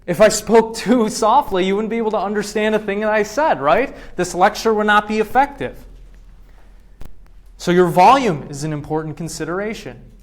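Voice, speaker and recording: A male professor giving a classroom lecture, firing quick questions at his students and acting out voices to make his points. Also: high voice. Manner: acts out voices to demonstrate points.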